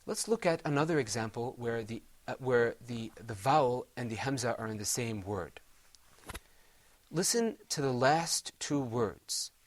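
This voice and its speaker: A middle-aged man teaching Quran recitation on a televised lesson, his voice sitting at an ordinary middle pitch. He explains patiently, step by step, and breaks into chanted Arabic examples for the class to repeat. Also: lively intonation, a little slow.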